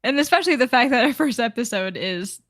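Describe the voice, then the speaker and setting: A woman's voice: fairly high pitch, lively intonation, fast, background noise. A woman co-hosting a podcast in casual chat, laughing often and swearing casually. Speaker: podcast co-host.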